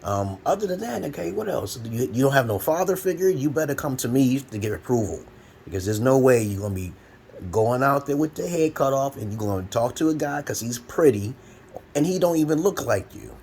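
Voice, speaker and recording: Speaking brisk and mid-range, with lively intonation and a darkish tone, a forties-aged man from Brooklyn, New York, USA gives rambling advice. His monologue is blunt, profane and preachy, recorded in a home room with a fan going and a little hiss or hum. He's an advice vlogger.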